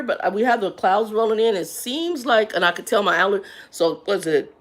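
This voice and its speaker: A woman's voice: medium pitch, normal speed. A woman hosting a casual livestream, talking in a rambling way to her viewers with "y'all" slang, a little congested from sinus drainage. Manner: talkative, rambling, greets viewers warmly by name; Southern-style slang, "y'all". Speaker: livestream host.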